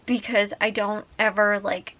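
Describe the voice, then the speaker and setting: A young woman chatting in a rambling casual vlog from her bedroom at night, full of "like" fillers and quick laughs. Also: mid-range voice, level tone, a bit bright. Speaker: vlogger.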